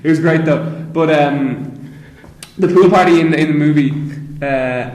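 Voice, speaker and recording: A young Irish man chats on a podcast with a voice that sits a little high. He rambles, laughs and swears freely, restarting his sentences as he goes. The room around him is echoey. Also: moderate pace, darkish tone. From Ireland. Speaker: podcast co-host. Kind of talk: casual chat.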